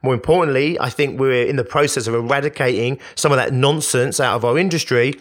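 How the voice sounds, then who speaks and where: A man's voice: mid-range voice, fairly quick. Emphatic man giving business advice. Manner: energetic, emphatic, rhetorical questions. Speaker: business coach. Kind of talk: motivational business talk.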